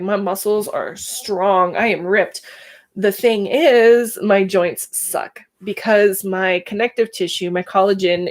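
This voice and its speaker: A woman, telling her own story candidly and with emotion on a casual livestream. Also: medium pitch. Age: 30s. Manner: candid, emotional, laughs between thoughts. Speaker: livestream host.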